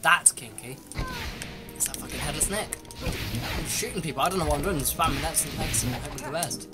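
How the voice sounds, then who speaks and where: A man whose voice is slightly high and slightly quick trades crude jokes while playing a co-op game, cursing a lot. Loud game music plays in the background.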